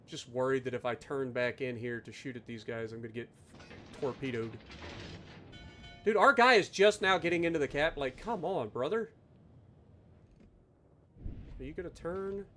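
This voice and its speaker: A man streaming live gameplay, ranting loudly and sarcastically at his teammates between calm play-by-play commentary. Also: mid-range voice, moderate pace, long pauses, faint music behind. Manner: loud, exasperated ranting with sarcastic asides.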